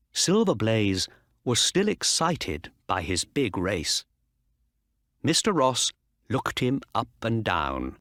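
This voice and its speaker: A man reading a story aloud for learners at a very slow, deliberate pace. His delivery is measured, with wide swings in pitch, and the recording is close and dry. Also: sing-song, a bit bright, no echo. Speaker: narrator.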